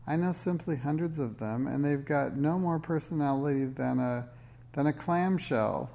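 A man's voice: on the high side, normal speed, gravelly, mellow. A man reading aloud, voicing a flighty water spirit with a breezy, dismissive manner in a storybook.

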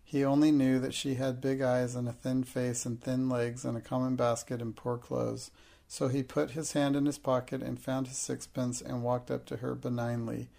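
A man narrating an audiobook in a steady, measured reading. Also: medium pitch, creaky.

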